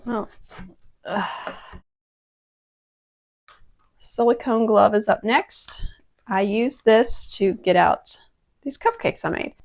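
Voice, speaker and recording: A woman's voice: medium pitch, slow pace, vocal fry, long pauses, a little mellow. A woman casually testing kitchen gadgets at home, chatty and prone to dramatic exclamations. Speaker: product-testing vlogger. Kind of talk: casual kitchen product review.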